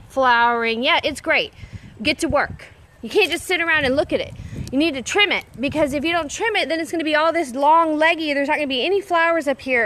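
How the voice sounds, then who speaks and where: A woman in her thirties with a bright, high voice talks chattily in an outdoor garden. Her tone is a bossy, joking pep talk, as if she is pushing her viewers to get to work. She is recorded outdoors on a handheld camera. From Texas. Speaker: homesteading vlogger. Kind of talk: casual gardening vlog.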